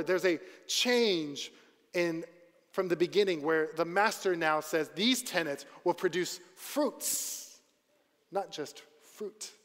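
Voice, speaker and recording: A man with a fairly high voice preaches a sermon, asking his listeners question after question. He slows and drops to a quiet voice to stress key points, and his words ring with a long hall reverb. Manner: asks the congregation questions, slows and quiets for emphasis. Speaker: pastor.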